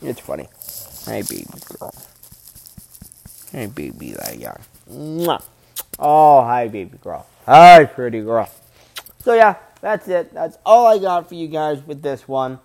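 A man's voice: medium pitch, darkish tone. A young man reviewing a metal album in a casual vlog, rambling and repeating himself with loose slang. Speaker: music reviewer.

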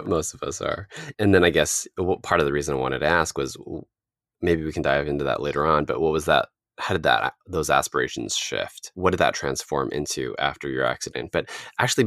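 A man's voice: a bass voice, a bit bright, no room sound, studio quality. A man hosting an interview, asking thoughtful, searching questions. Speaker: interview host.

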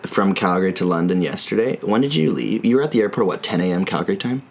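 A man's voice: deep voice, expressive, quick pace, a little hiss or hum. A young man hosting a podcast, bantering casually and teasing his friends with plenty of swearing. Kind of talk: casual chat.

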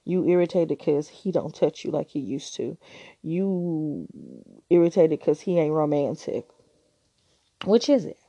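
Woman, podcast host, frank teasing advice, mellow low voice, dry close sound. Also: a little slow, pauses often, husky, no echo. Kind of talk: casual advice monologue.

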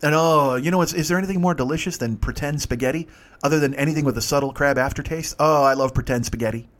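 A man's voice: on the high side, fast, fairly bright tone. A man hosting a podcast, delivering a profane, rambling comedic rant full of swearing. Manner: ranting, rambling, heavy swearing. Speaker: podcast host.

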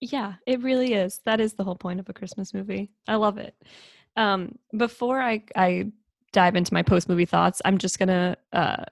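A young woman co-hosting a casual chat, relaxed and wry. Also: mid-range voice, normal speed, vocal fry, no room sound, clean studio sound. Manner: relaxed and wry, with frequent ums and laughs. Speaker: podcast co-host. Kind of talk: casual chat recapping a movie.

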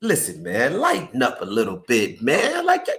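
A man hosting a casual, profane chat, animated and laughing often, repeating his phrases as he riffs. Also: medium pitch, normal speed. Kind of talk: casual podcast banter.

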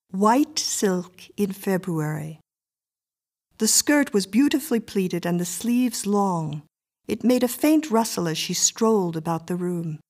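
A woman narrating a short story as an audiobook in a calm, measured way. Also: lowish voice.

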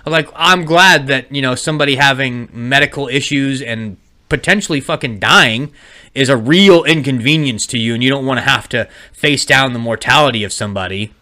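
A man's voice: mid-range voice, fairly quick, bright, forceful tone. A man co-hosting a casual podcast, ranting heatedly and swearing a lot. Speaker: podcast co-host.

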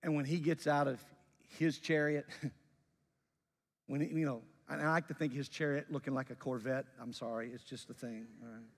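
A pastor preaches in a raised, fairly high voice, telling a story as if chatting with the congregation. His delivery is animated and pushes up for emphasis. Long reverb fills the large hall around him. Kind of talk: sermon.

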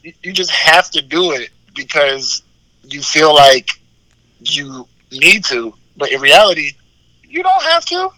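A man's voice: a little high, sing-song, measured pace, bright, forceful tone, no echo, poor audio. A man co-hosting a casual podcast chat, blunt and profane, laughing often. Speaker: podcast co-host.

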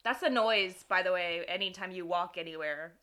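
A woman co-hosting a casual podcast with a bright, ringing voice. She rambles and giggles, often laughing at herself. She talks into a microphone she shares with her co-host. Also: lowish voice, moderate pace. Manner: giggly, rambling and self-deprecating. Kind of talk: casual chat. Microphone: sharing one microphone.

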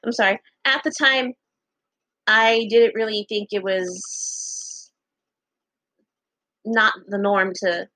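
A young woman casually telling a story to her viewers, chatty and laughing often, acting out what people said with big jumps in pitch and casual swearing. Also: steady tone, slow pace, long pauses, bright, forceful tone, no room sound, rough recording.

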